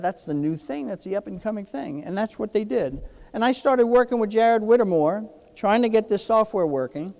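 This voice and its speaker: A man's voice: high voice, big-room sound. A man in his sixties from New Jersey gives a keynote speech, telling a personal story and acting out the dialogue. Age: 60s. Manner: animated, acts out quoted dialogue. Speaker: keynote speaker.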